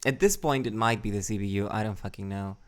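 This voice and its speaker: Young male streamer, casual and rambling, smooth resonant voice, salty and self-mocking. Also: fairly low pitch, quick pace. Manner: rambling, swears a lot, answers chat; self-deprecating, laughs often. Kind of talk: casual live-stream chat.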